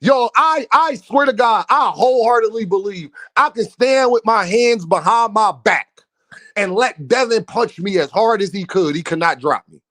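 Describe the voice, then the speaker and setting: Loud-mouthed guy ranting on his stream, high voice all over the place, cussing and clowning people. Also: expressive, moderate pace, no room sound, studio quality. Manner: brash, profane, mocking, teasing. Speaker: boxing livestream host. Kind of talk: heated livestream rant at viewers.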